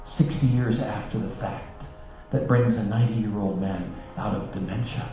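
A man telling a long story as part of a sermon, earnest and dropping to a hush at the most moving points. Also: fairly low pitch, fairly even intonation, moderate pace. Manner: earnest storyteller, softening to a hush at emotional peaks. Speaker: speaker. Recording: dull echoey hall with music.

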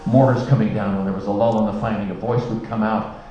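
A man telling a long story as part of a sermon, earnest and dropping to a hush at the most moving points. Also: fairly low pitch, steady tone, fast. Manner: earnest storyteller, softening to a hush at emotional peaks. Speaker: speaker. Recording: dull echoey hall with music.

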